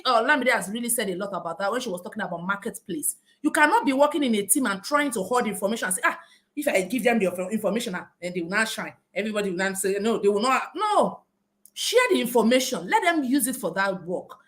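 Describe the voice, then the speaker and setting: A middle-aged woman from Nigeria with a Nigerian accent, giving an animated talk and acting out the people in her anecdotes. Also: fairly high pitch. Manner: animated storytelling, acts out other people's voices, laughs often. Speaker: speaker.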